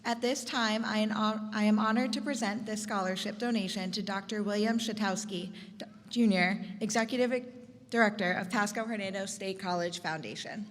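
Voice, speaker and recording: A woman's voice: medium pitch, normal speed. A woman reading prepared remarks to present a donation at a ceremony. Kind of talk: formal presentation. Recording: long hall reverb, background noise.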